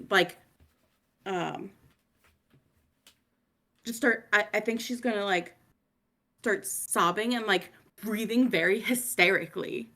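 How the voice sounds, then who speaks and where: Gravelly woman playing a tabletop game. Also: medium pitch, measured pace, pauses often, fairly bright tone. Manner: hesitant, rambling. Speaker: player. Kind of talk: casual tabletop game talk.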